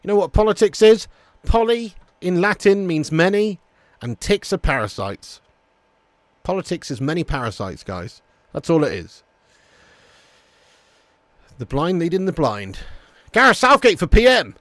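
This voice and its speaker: A rowdy football fan hosting a live watch-along stream, full of jokes and swearing. His voice sits high for a man. He is close on a dry mic. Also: sing-song, measured pace, fairly bright tone, no room sound. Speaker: match watch-along host.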